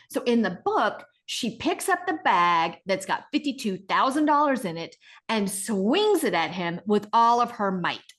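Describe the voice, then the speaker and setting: A middle-aged woman co-hosting a casual podcast, retelling stories in an animated way and acting out the people in them. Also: medium pitch. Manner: animated retelling with acted-out voices. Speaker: podcast co-host.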